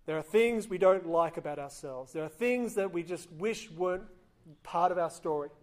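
A man with a fairly high voice preaching in a relaxed, conversational way. He tells a scripture story and slips into the voices of its people as he goes. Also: normal speed. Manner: acts out quoted voices, conversational. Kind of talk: sermon storytelling.

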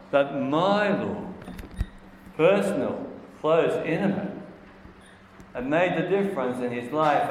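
A man preaching a sermon in an earnest, emphatic way, slowing down to stress key words. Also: medium pitch, a little hiss or hum. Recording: echoey hall with long reverb, faint ambience.

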